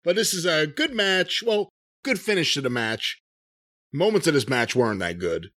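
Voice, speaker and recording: A man's voice: on the high side, expressive, moderate pace, sharp tone. A man co-hosting a wrestling podcast, chatting casually and joking with frequent laughs. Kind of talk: casual chat about wrestling.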